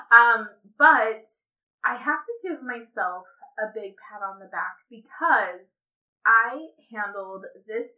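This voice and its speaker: A woman's voice: mid-range voice, pushed and bright, low-quality recording. A woman hosting her own podcast, talking candidly and casually to listeners and laughing often. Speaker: podcast host. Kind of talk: casual solo podcast chat.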